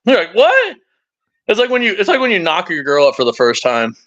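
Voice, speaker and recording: A young man guesting on a live stream tells rowdy stories in a casual, profane chat, animated and quick, his voice on the high side. His live-stream mic gives dull, lo-fi audio.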